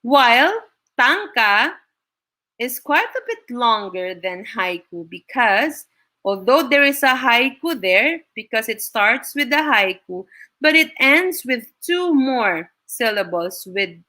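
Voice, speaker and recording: A woman's voice: on the high side, sharp tone. A woman from the Philippines, teaching an online class and praising students, often ending her points with "no?". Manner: encouraging, frequent "no?" tag questions. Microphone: video call.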